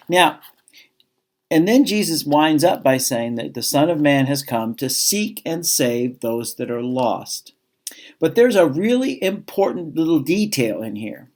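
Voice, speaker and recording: A man's voice: a little high, a little mellow. A man, a school chaplain, giving a casual chapel talk to students, chatty and self-deprecating, reading scripture aloud.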